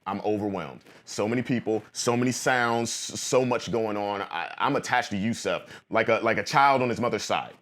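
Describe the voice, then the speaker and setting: A man in his thirties telling a personal story in an animated vlog monologue, acting out old conversations. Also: lowish voice, moderate pace, hardly any pauses. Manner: animated, quotes friends in acted-out bits. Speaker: vlogger.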